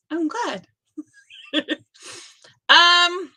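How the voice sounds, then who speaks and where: Slow, bright-voiced chatty woman. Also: fairly high pitch, animated, poor audio. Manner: chatty, rambling, self-deprecating. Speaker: host of a live stitching stream. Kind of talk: casual live chat.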